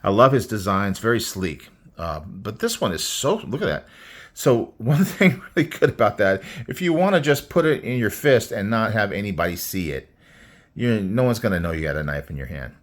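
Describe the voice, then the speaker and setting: A man's voice: fairly low pitch, sing-song, moderate pace. A man chatting casually about knives and stickers in a rambling unboxing vlog, full of fillers and restarts. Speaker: knife collector vlogger.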